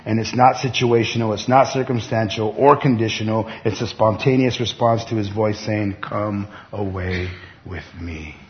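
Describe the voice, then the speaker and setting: A middle-aged man preaching a sermon as pastor, talking conversationally with bursts of excited emphasis. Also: mid-range voice. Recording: dull lo-fi sound with faint background noise.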